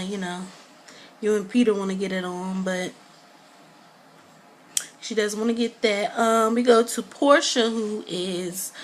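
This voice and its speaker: A woman's voice: medium pitch, slight background noise. Rambling, gossipy woman vlogger. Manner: rambling and gossipy, full of "um" and "you know". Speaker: vlogger reviewing a TV episode. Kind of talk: casual chat.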